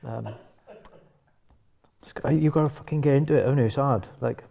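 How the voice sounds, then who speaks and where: A man's voice: medium pitch, moderate pace, vocal fry, warm tone. A man competing on a comedy game show, cheeky and joking, swearing casually. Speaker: contestant.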